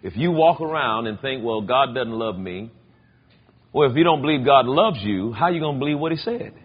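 Husky-voiced preacher man, animated sermon. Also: fast talker. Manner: animated storytelling with big swings in pitch. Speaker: pastor. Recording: dull lo-fi sound.

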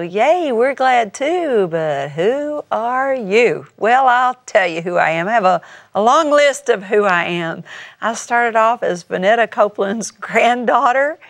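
A woman's voice: mid-range voice, dry recording. An older woman and grandmother giving a folksy Bible teaching as a TV minister, citing scripture as she goes. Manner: folksy, warm-hearted teaching with scripture references.

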